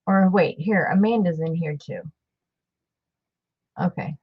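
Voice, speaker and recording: A woman hosting a casual craft livestream, chatting warmly and rambling, repeating herself as she works. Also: on the low side, slow pace, breathy edge, dull audio.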